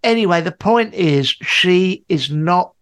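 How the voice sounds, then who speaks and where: A man's voice: animated, slow pace, a bit bright, smooth, dry recording, clean studio sound. A man co-hosting a comedy podcast, telling a story in a camp, theatrical way. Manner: camp, theatrical, slips into a mocking high put-on voice. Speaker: podcast co-host. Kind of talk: comic storytelling chat.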